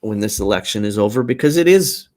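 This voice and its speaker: A man talks on his own live stream in a slightly low voice. He speaks earnestly and haltingly, circling back as he thinks aloud, picked up by a computer mic. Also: animated, a little mellow. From Canada. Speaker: host. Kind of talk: casual live-stream monologue.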